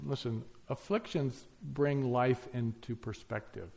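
A man's voice: medium pitch, unhurried, gravelly, a little mellow. A man preaching a sermon, emphatic, piling up lists and rhetorical questions.

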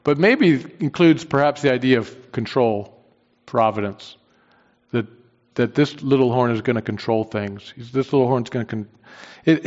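A man teaching a Bible study class in a conversational way, thinking aloud with frequent restarts and putting questions to the class. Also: mid-range voice. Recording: dull lo-fi recording in a reverberant hall.

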